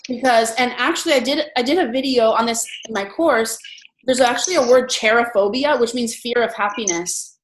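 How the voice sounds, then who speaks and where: A woman hosting an entrepreneur meetup, talking in a chatty, animated way with lots of fillers. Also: on the high side, normal speed, reverberant, rough recording. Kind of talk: casual group chat.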